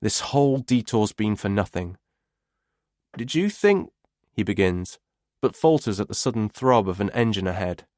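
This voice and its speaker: A man narrating a thriller audiobook in the first person, in a measured, wry storytelling manner. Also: fairly low pitch, darkish tone, no room sound, studio quality.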